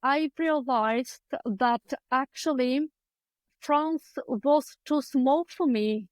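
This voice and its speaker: A woman with an Eastern European accent talks on a video call from a book-filled room at home. Her voice sits high, and the sound is close and dry. She tells her story chattily, filling gaps with ums and playing out her own past thoughts. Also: drawn-out words, dry recording, rough recording. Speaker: guest, clinical psychologist. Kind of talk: conversational interview storytelling. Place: home room lined with books.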